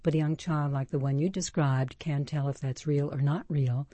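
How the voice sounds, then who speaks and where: A woman's voice: low voice, fairly even intonation, normal speed, mellow, no echo. An older woman, a psychologist guest, answering interview questions in a thoughtful, anecdotal way.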